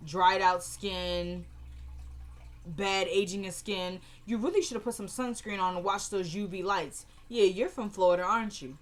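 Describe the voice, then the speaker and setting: A woman's voice: medium pitch, normal speed, close to an everyday voice. A woman voicing a haughty, scheming older woman who needles her rival in a condescending way while retelling a TV scene.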